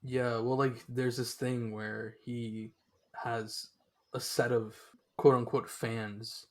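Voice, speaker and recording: A man's voice: mid-range voice, flat delivery, slow pace. A young man co-hosting a podcast in casual chat, rambling with lots of fillers and restarts. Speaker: podcast co-host.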